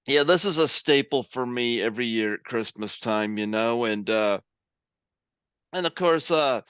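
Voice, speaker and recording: A man's voice: mid-range voice, lively intonation, unhurried, fairly bright tone, smooth, no echo, highs cut off. A man hosting a podcast interview, chatting casually and rambling in a fan-like way with many fillers. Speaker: podcast host.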